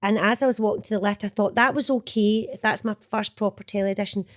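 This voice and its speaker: A woman's voice: mid-range voice, quick pace. Chatty Scottish woman telling stories. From Scotland. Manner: chatty, animated, acts out quotes. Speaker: actor, interview guest. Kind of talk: casual storytelling interview.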